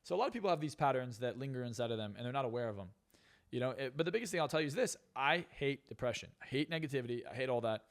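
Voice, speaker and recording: A podcast guest rants bluntly and profanely with strong opinions in casual talk. His voice is medium-pitched, animated and very fast.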